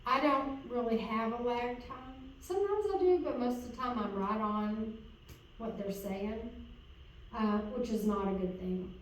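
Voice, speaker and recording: A woman coaches a student in interpreting during a hands-on lesson, encouraging her and checking in again and again with "okay?" Her slightly high voice moves at a measured pace but sounds distant, recorded far from the mic in a very echoey room with a little hiss or hum.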